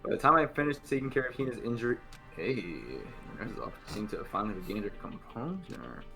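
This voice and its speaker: A man's voice: medium pitch, sing-song, brisk, gravelly, over music. A male streamer reading game narration aloud and trading dry quips in let's-play banter.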